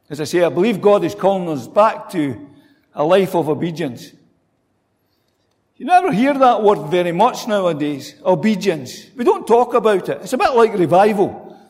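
High-voiced man preaching in a hall. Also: a little mellow. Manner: conversational, acting out quotes with rhetorical questions. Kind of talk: sermon. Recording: long hall reverb.

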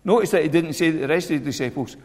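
A man's voice: fairly high pitch, racing, darkish tone. Man preaching in a reverberant hall. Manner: earnest, repeats key phrases for emphasis. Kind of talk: sermon.

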